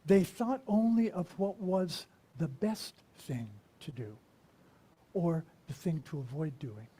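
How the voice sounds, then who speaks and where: A minister giving a conversational sermon, asking the congregation questions and pausing to reflect. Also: mid-range voice, dark tone, husky. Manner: unhurried and reflective, with pauses.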